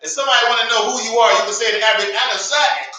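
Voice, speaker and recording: A man's voice: very high-pitched, steady tone, racing, pushed and bright. An American man teaching an Arabic grammar class, calling on students and having them repeat words after him. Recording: echoey classroom, from far off.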